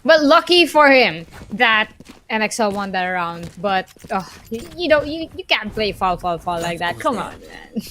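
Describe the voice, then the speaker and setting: A woman giving live play-by-play commentary on an esports match, excitable and quick to exclaim at big plays. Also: mid-range voice, a little hiss or hum. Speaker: esports caster.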